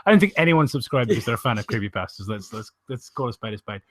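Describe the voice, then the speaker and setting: A man with a mid-range, slightly bright voice talks animatedly at a quick pace in a dry recording. Hosting a live stream, he reads a story aloud, swearing, joking, and often laughing between lines in crude, casual banter.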